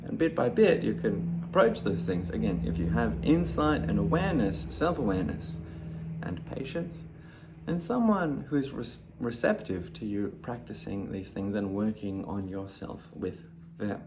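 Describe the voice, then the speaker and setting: Man explaining calmly to camera. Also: on the low side, moderate pace, background noise. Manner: acts out his own snappy and grateful replies with sudden loud jumps. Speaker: video creator talking about ADHD. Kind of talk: casual talk to camera.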